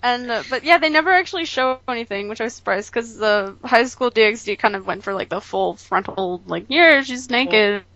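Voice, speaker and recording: A woman's voice: a little high, a little fast, hardly any pauses, a bit bright, dry recording, highs cut off. A woman co-hosting a podcast in casual chat, rambling with lots of fillers and the odd swear over a call. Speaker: podcast co-host.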